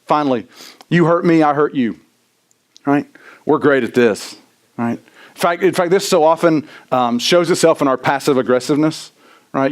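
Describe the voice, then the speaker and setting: A middle-aged man preaching a sermon in a church, animated and self-deprecating, often tossing in "right?" to the congregation. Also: a little high, moderate pace, long pauses. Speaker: pastor. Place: church sanctuary.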